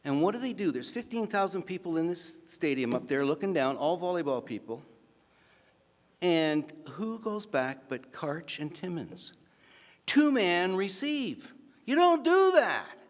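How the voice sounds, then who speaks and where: A man giving an animated, self-mocking storytelling speech at an awards event, acting out the other people in his story. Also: fairly high pitch, normal speed. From Canada. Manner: animated, self-mocking anecdote with acted-out voices. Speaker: awards speaker. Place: banquet hall. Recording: reverberant hall PA sound.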